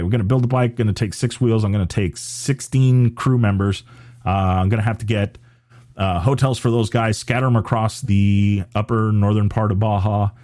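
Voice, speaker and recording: A man's voice: fairly low pitch, darkish tone, dry recording, studio quality. A man hosting a podcast, chatting casually about off-road racing and rambling with many restarts and fillers. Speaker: podcast host.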